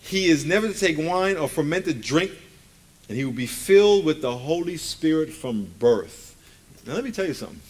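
A man's voice: on the high side, expressive, normal speed. A male pastor preaching a sermon, emphatic and conversational, leading the congregation in call-and-response and dropping folksy asides.

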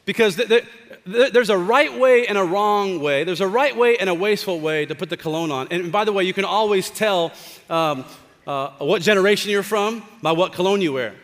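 A pastor in his thirties preaches with an animated, joking, conversational manner, his voice pitched high for a man. The sound carries a long reverb from a large church hall. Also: a little fast. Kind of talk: sermon.

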